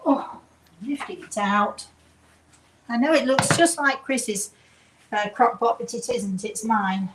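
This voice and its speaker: Cooking at home for a casual demo, an Englishwoman with a fairly high voice talks slowly, leaving long pauses as she rambles and pokes fun at herself. The rough recording carries a little hiss or hum.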